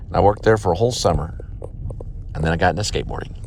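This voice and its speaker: A man's voice: low-pitched, rapid-fire. A man hosting a casual driving vlog as a delivery driver, rambling and joking while he drives. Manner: rambling, jokey storytelling. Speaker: delivery driver, show host. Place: moving car. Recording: loud car road noise.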